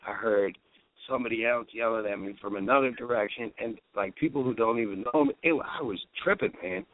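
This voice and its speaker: Stammering laid-back host on a phone line. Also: male voice, on the low side, fairly quick. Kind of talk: call-in radio talk. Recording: dry tinny phone line.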